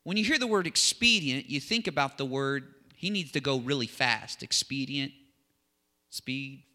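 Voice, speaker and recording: A man preaching a sermon as a pastor, talking with rising animated excitement. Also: mid-range voice, normal speed. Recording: long hall reverb.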